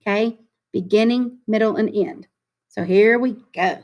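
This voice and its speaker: A woman teaching a phonics lesson to young children, with an encouraging, sing-song classroom manner and slowly drawn-out words. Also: mid-range voice, fairly even intonation, a little mellow.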